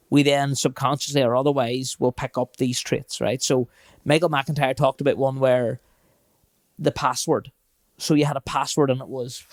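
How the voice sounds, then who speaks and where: A man's voice: medium pitch, dry recording, studio quality. Laughing man telling stories. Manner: storytelling, laughs often while talking. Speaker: podcast co-host. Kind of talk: casual chat.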